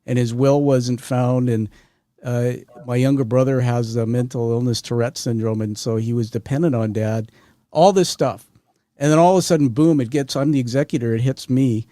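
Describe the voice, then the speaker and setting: A middle-aged man hosts a conversational podcast interview, energetic and a bit rambling, often speaking directly to his audience. His warm, mellow voice is mid-range and at normal speed, and the sound is dry and close with no echo or room around it.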